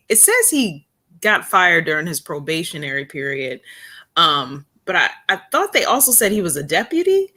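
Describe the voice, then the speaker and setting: Hesitant woman with a bright voice. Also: fairly low pitch. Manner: thoughtful, hesitant, many ums. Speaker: panel guest. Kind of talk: casual commentary.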